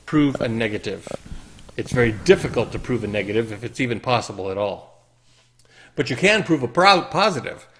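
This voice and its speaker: A man's voice: mid-range voice, expressive, fairly quick. A man making an indignant, ranting video, mocking the critics he quotes. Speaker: conspiracy video maker. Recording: loud background noise.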